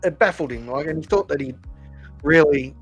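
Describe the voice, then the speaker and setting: A man's voice: fairly high pitch, normal speed, slightly rough, poor audio. Man, casual podcast chat, rambling anecdote, lots of fillers, faint music behind. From Australia. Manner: rambling storyteller, many fillers and restarts. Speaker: podcast co-host.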